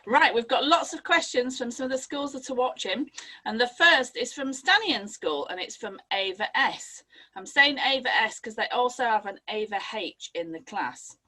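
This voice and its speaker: A woman hosting an author event online, reading out schoolchildren's questions in a brisk, friendly way. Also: fairly high pitch, lively intonation, bright, forceful tone, low-quality recording. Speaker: festival host reading questions.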